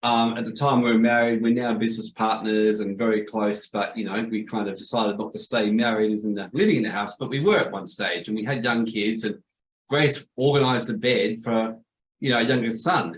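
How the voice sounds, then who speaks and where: A middle-aged man tells a story in an animated, casual way, slipping into the voices of the people he quotes. His voice sits in a middle range. The room is echoey, with faint background noise. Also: mid-range voice, fairly quick. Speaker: business coach, former law firm owner.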